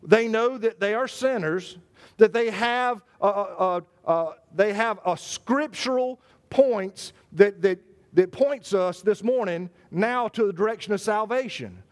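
A man preaching a sermon, stressing his words, repeating phrases and slowing down on scripture. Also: high voice. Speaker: pastor. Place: church service.

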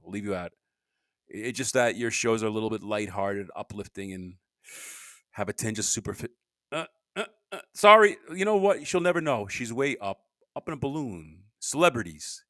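A solo podcast host with a mid-range voice, vocal fry and a slightly bright tone wanders through a loose monologue. He restarts sentences and grumbles on the side, recorded with no room sound.

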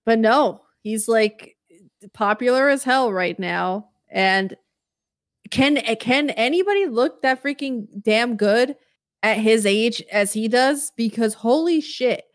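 A woman's voice: a little high, expressive, slow pace, no room sound, clean studio sound. A woman co-hosting a casual talk podcast, speaking candidly and emphatically with casual swearing. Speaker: podcast co-host. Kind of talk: casual chat.

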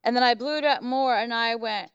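Rambling woman with a smooth, resonant voice. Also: fairly high pitch, brisk, no room sound, muffled recording. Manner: rambling, full of fillers and restarts. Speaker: podcast guest. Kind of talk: casual storytelling.

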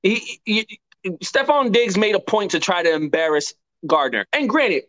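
A man co-hosting a casual sports podcast, excitable and profane, talking in halting bursts full of restarts. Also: high voice, rough recording. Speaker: podcast co-host.

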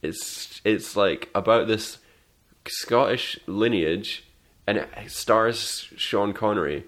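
Man, very low voice, loose sweary banter, animated rants. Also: slow pace. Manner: swears freely, animated ranting. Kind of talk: casual chat.

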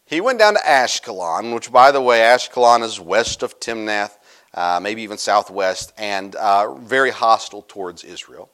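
A middle-aged male pastor preaching a sermon in a casual, joking storytelling manner with quick asides. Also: fairly low pitch, animated, fairly bright tone.

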